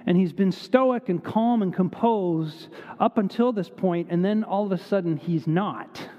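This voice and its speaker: High-voiced male preacher in an echoey hall. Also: a little slow, a little hiss or hum. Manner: vivid storytelling with repeated words for emphasis. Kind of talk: sermon. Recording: dull echoey hall recording.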